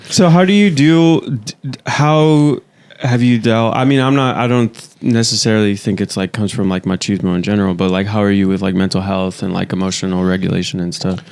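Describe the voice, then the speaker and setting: 低く滑らかな声の男性、勢いよく語る. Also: male voice, on the low side, brisk, gravelly. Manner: animated storytelling, swears, speeds up. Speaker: podcast guest. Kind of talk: casual chat.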